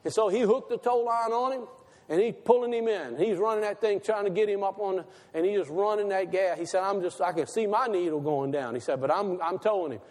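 High-voiced preacher in a reverberant hall. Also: male voice, darkish tone. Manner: asks the audience questions, slows for emphasis. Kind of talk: sermon.

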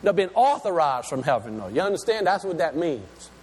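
A man preaching a sermon, slowing down to stress key words and asking his listeners questions. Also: on the high side, sing-song, a little mellow, husky, big-room sound.

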